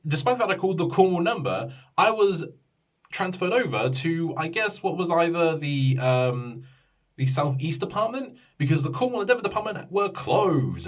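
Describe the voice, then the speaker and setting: Exasperated man ranting, husky voice. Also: a little high, recorded from a distance. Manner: exasperated, swearing, many restarts and quoted voices. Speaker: YouTuber telling a story. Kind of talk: casual storytime rant.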